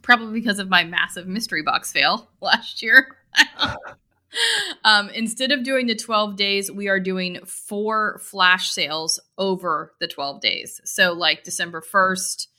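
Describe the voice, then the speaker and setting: In a casual business chat she co-hosts, an e-commerce marketer talks chattily and loosely, with plenty of fillers and restarts. Her medium-pitched voice is pushed and bright, delivered at a measured pace.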